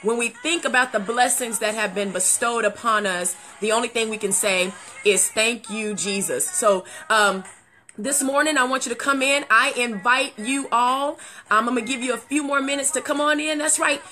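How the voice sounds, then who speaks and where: A woman hosting her own live-streamed talk show, her voice high and bright. She greets her viewers warmly by name and breaks into loud, high-pitched exclamations of delight. Between greetings she settles into a steadier talk.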